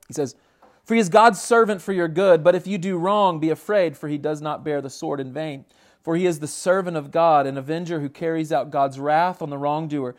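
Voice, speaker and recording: High-voiced earnest male preacher. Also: moderate pace, darkish tone. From United States. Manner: earnest, emphatic preaching with frequent restarts. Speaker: pastor. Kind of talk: sermon.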